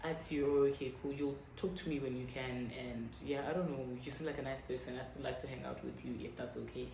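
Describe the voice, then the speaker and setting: A low-voiced South African woman in her twenties telling a storytime vlog, lively and quick to swear as she acts out what others said. The room is echoey and a faint hum sits behind her. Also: creaky. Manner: animated, swearing, quoting others in quick bursts. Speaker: YouTuber. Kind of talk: casual storytime.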